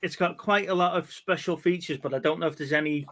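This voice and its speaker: Chatty man with a bright voice. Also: a little high, quick pace. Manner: chatty, rambling, laughs easily. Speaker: host. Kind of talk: casual chat.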